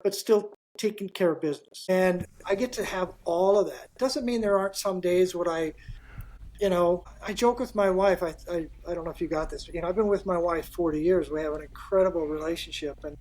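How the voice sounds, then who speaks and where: A man's voice: high voice, a little fast, darkish tone. An older man, a business owner, chatting casually as a podcast guest and telling folksy stories with lots of asides. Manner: folksy and anecdotal, with many asides. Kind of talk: casual interview chat.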